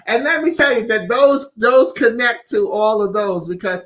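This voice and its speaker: A man's voice: sits high, animated, moderate pace, fairly bright tone. A man hosting a weekly inspirational message in a chatty, casual way, laughing at his own wordplay and reading out viewer comments. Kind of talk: casual motivational talk.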